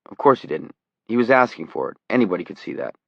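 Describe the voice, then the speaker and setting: A man's voice: lowish voice, sing-song, quick pace, gravelly, dry recording, pitched above the performer's own voice, full character voice. A man voicing a nervous male TV reporter in an audiobook, keeping his distance. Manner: nervous, backing away. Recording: dull lo-fi audiobook recording.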